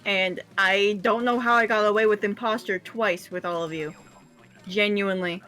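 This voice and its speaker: Woman streamer, casual gaming chat, mid-pitched, salty language, animated storyteller. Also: normal speed. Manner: swears freely, animated storytelling.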